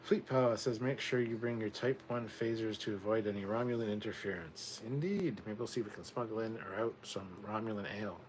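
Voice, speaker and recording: A man's voice: on the low side, fairly even intonation, a little fast, few pauses, slight background noise. A man hosting a casual livestream, reading viewer comments aloud and rambling on in chatty asides, swearing now and then. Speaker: livestream host reading chat.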